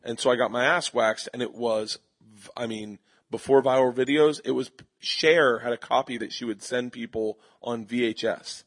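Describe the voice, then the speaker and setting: A man, a comedian guest, telling animated stories in an interview before a live audience, slipping into quick voices of other people. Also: medium pitch. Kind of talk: storytelling interview.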